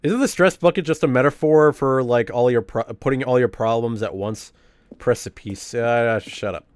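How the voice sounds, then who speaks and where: A man's voice: mid-range voice, moderate pace, no room sound. A young man casually commenting on a game during a live stream, chatty and swearing often. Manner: chatty, profane, laughing often.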